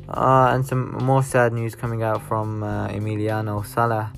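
A man reading news articles aloud, stopping often for sighing, halting asides. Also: fairly low pitch, completely flat delivery, gravelly, music in the background. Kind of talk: casual news reaction.

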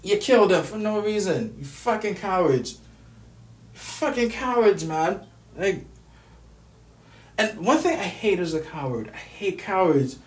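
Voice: medium pitch, animated, measured pace, pauses often. A vlogger in an angry personal rant, upset, stammering and repeating words, with heavy swearing. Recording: roomy echo, distant from mic.

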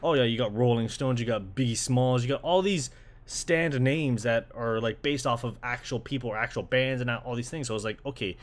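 A man's voice: medium pitch, a little fast. A young man from Canada ranting casually about anime translations, full of "like" fillers and swearing, slipping into mocking voices. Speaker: anime fan. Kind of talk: casual rant.

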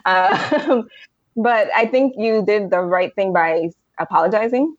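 A woman guest who coaches parents, giving advice in a relaxed, reflective way. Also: medium pitch, takes it slowly, no room sound. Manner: relaxed, reflective, laughs easily. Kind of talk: casual advice chat. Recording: dry, muffled lo-fi audio.

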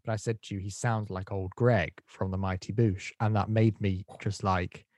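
A man's voice: on the low side, little pitch movement, moderate pace, a little mellow, no room sound. Guy ranting about a movie he didn't like, blunt, super dry close sound. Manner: blunt, opinionated, mimics voices when quoting. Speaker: podcast co-host. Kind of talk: casual film review chat.

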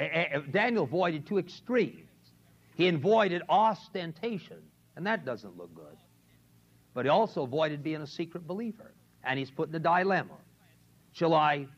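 An older man preaching a sermon to a men's class, emphatic and repetitive, often asking his listeners "see?". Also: fairly high pitch. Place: college classroom. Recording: lo-fi 1970s tape recording.

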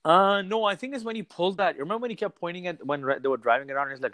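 A man's voice: high-pitched, very fast, hardly any pauses, fairly bright tone, no room sound. A man co-hosting a podcast, telling stories in casual chat and imitating the people in them. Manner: storytelling, mimics the people in his stories.

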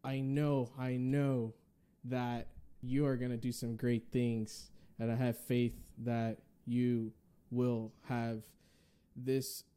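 A man hosting a casual podcast interview, upbeat and chatty, speaking with religious warmth and frequent fillers. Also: mid-range voice, flat delivery, takes it slowly, clear, resonant tone. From US Northeast. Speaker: podcast host.

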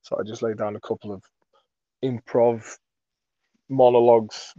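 A man's voice: medium pitch, level tone, a little slow, mellow, dry recording, dull audio. Man from Merseyside telling rambling anecdotes. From Merseyside, England. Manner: rambling anecdotes with swearing, laughs and restarts. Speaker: comedy creator, guest. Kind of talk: casual storytelling in an interview.

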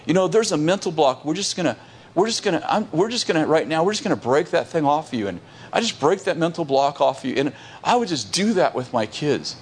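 A man who is a pastor, telling a lively story on a podcast, laughing often and restarting his sentences. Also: a little high, a little fast, breathy edge.

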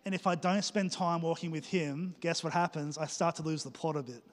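A male pastor, preaching a lively sermon and joking as he acts out little scenes for the congregation. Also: a little high, a little fast. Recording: reverberant church hall.

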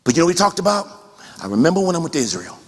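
A man preaching a sermon as pastor, talking conversationally with rhetorical questions and rising to shouts. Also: a little high, sing-song, very fast, big-room sound.

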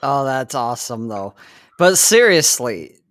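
A man's voice: mid-range voice, sing-song, measured pace, a bit bright, no echo, studio quality. A man in his forties chatting casually, blunt and profane, hammering his points home. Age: 40s. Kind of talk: casual chat.

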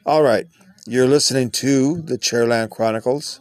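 A man's voice: mid-range voice, a little slow, creaky. A man hosting his own podcast, talking in a rambling, earnest, unscripted monologue. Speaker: podcast host. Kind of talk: casual monologue.

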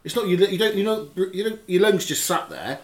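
An English man co-hosts a chatty podcast, firing questions and quibbling over details. His pitch swings lively up and down. The recording rings with a roomy echo. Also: fairly quick. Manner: quizzical, keeps asking questions and arguing details. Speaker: podcast co-host. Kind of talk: casual chat.

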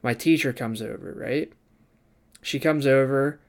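A young man tells a story casually from his days as a barber student, acting out the people he quotes and swearing freely. His voice is smooth and clear, sitting at an everyday middle pitch. He talks in a relaxed way, like chatting to a camera. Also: a little slow.

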